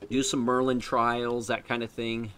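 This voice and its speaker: A man's voice: mid-range voice, level tone, measured pace, a bit bright, smooth. A man chatting casually while streaming a game from his unfinished basement, laughing often and joking at himself. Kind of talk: casual live-stream chat.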